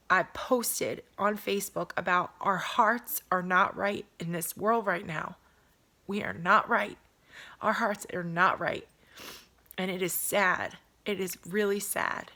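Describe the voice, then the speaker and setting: An earnest woman records a personal video from home, her voice bright and forward. She repeats herself and often sinks to a hushed whisper. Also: medium pitch. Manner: repetitive, earnest, drops to whispers. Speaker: vlogger. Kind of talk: emotional personal video talk.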